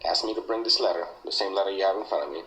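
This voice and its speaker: A man from Malaysia gives an earnest, emphatic account, circling back and repeating himself as he talks. His voice sits low. The recording is roomy and echoey, with a faint hiss underneath. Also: racing, sharp tone. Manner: earnest, emphatic, often repeats and restarts words. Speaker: interviewee, former coworker. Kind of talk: recorded interview testimony.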